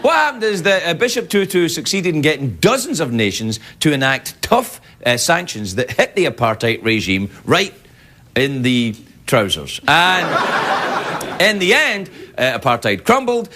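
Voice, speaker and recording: A man's voice: on the high side, a bit bright. Rambling Scottish man in comic monologue. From Scotland. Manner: rambling, self-interrupting, playful. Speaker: late-night talk show host. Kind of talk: comedic monologue. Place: television studio with live audience.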